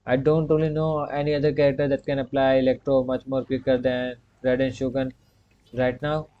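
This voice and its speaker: A gaming streamer chats casually while playing a video game, talking himself through every move and repeating short commands. He keeps plugging gaps with "you can say." His mid-range voice moves little in pitch, runs fairly quick, and the recording has its highs cut off.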